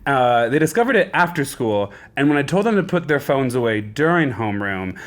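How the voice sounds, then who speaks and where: Animated man telling classroom stories. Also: medium pitch, brisk. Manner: animated, laughing, acts out voices in anecdotes. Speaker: podcast co-host and teacher. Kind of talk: casual chat, storytelling.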